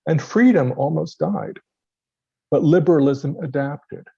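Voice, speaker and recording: A man giving a sermon-style lecture at a worship service, measured and deliberate, with some passages read aloud. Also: medium pitch, vocal fry, warm tone, slightly rough, no echo, dull audio. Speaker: guest speaker.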